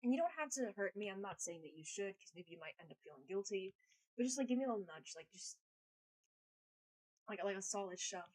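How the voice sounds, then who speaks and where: A woman's voice: mid-range voice, lively intonation, brisk, darkish tone, rough recording. A woman chatting casually on a live stream, rambling, crude and self-mocking, swearing freely. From United States.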